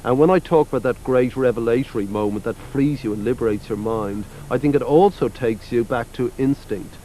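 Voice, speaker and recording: A man's voice: medium pitch, fairly quick, dark tone, slight background noise, low-quality recording. A man in his forties from Ireland with an Irish accent, a musician talking in a casual interview, rambling and blunt and swearing freely. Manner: rambling, blunt and profane, full of "you know" fillers.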